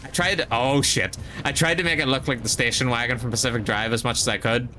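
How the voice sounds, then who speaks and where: A young man streaming live, tipsy and chatting casually in a rambling, excitable way, full of restarts. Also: mid-range voice, brisk, soft background music.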